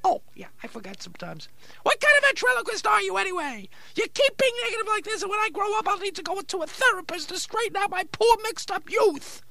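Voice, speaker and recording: A very high, gravelly little voice of a wisecracking wooden dummy. It swoops around a lot, dry and close to the mic, with a sharp, bright edge. Whiny and theatrical, like a ham begging for a serious role. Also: male voice, very animated, quick pace, no room sound, exaggerated voice. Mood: aggrieved. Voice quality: squeaky, gravelly. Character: wisecracking male wooden ventriloquist dummy, big-mouthed. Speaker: podcast comedy character. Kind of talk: ventriloquist comedy routine.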